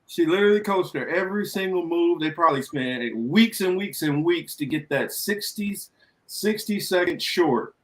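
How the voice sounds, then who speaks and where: A man with a fairly high speaking voice trades loose, profane commentary over video clips. He jokes and mocks freely, in an offhand conversational way. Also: expressive, normal speed, fairly bright tone. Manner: joking, profane, mocking running commentary. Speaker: podcast co-host.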